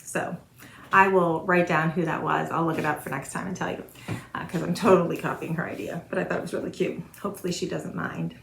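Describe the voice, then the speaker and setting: A woman's voice: on the low side, fairly even intonation, fairly quick, creaky, a bit bright. A woman in her forties chatting casually to camera as a stitching vlogger, rambling with many fillers and restarts. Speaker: Flosstube vlogger. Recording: roomy echo, faint noise.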